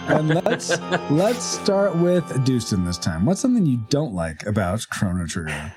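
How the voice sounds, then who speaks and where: A man's voice: mid-range voice, huge pitch swings, unhurried, music in the background. A man co-hosting a retro game podcast in casual chat, exclaiming often. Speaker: podcast co-host.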